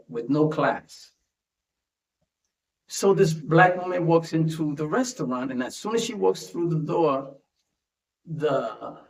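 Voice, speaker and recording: A man delivers a casual commentary monologue in a voice pitched a little high. He talks conversationally and keeps tagging his points with "right?". His voice carries a roomy echo. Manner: conversational, tags statements with "right?". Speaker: commentary host.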